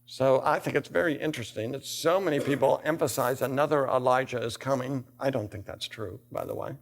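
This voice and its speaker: An older man gives a theology lecture in a classroom, reading scripture aloud and posing rhetorical questions that build to emphatic bursts. His voice is mid-range and gravelly, and he speaks a little fast.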